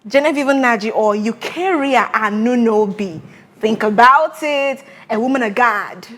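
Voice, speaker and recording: A young woman hosting a talk show, lively and often laughing between questions. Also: a little high, a little slow. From Nigeria. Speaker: host.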